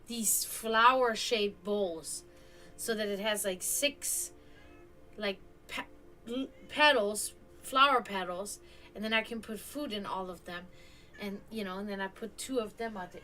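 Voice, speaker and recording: A woman hosting a home livestream, chatting casually and rambling, who laughs often, swears, and slips into high sing-song baby talk with her cats. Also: measured pace, bright, forceful tone, soft background music, poor audio. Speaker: esoteric stream host. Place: home, indoors.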